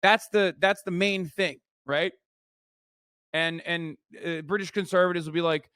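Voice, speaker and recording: A man's voice: on the high side, fairly even intonation, normal speed, a bit bright, smooth, dry recording, clean studio sound. A man streaming his reaction to a video, ranting animatedly and sarcastically with lots of swearing. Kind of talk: casual profane commentary.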